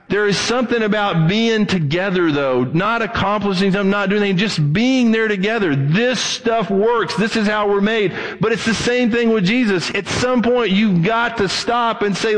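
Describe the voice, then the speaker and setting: A male pastor preaching a sermon, swinging his voice high and low and acting out the people he quotes. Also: normal speed, few pauses, big-room sound, low-quality recording.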